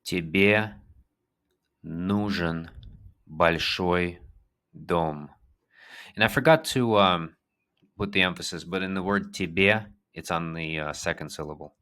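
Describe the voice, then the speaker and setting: A man's voice: deep voice, normal speed, sharp tone. A man giving a language lesson, patiently drilling words and repeating them, with fillers and restarts as he explains. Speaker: language teacher.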